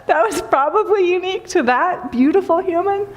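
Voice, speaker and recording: A woman's voice: very high voice, moderate pace, highs cut off. A woman giving a spiritual talk as teacher, telling a funny story and laughing often.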